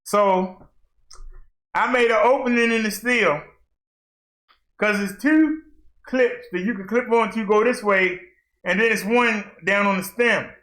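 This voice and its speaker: Man, high-pitched, bright, chatty vlogger, laughs often, echoey room. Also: a little slow, pauses often. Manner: chatty, laughs often, talks to viewers directly. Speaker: fitness vlogger. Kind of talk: casual talk to viewers while working.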